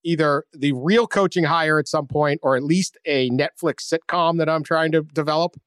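A man hosting a sports podcast in casual chat, joking and animated, often trailing off quietly. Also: a little high, moderate pace, smooth, no room sound, clean studio sound. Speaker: podcast host.

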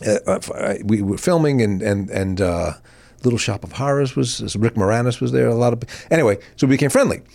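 A man in his sixties trading showbiz stories in a relaxed conversation. His voice sits mid-range, and he breaks into high, excited quoted voices as he acts out the people in his tales. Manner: animated anecdotes with bursts of high-pitched quoted voices. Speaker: guest. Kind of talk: casual chat, storytelling.

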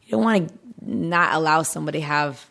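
A woman guest in a casual interview, earnest and reflective, her voice tired and slightly hoarse. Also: low-pitched, brisk, a bit bright. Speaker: actress guest.

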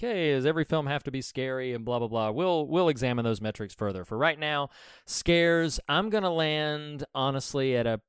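A man co-hosting a casual film podcast, with a smooth, resonant voice recorded close and dry. He talks in an earnest, sermon-like way and drifts into scripture and encouragement. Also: a little high, dry recording. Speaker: podcast co-host.

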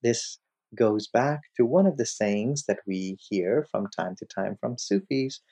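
A man giving a lecture, telling a story in an animated way and acting out its scenes. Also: on the low side, measured pace. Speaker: lecturer on mystic poetry.

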